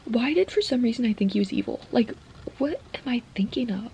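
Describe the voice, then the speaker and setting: A woman's voice: on the high side, lively intonation, a little fast, creaky, mellow, a little hiss or hum. A young woman book vlogger chatting casually, gushing and emotional, often dropping to a whisper. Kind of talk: casual reading vlog.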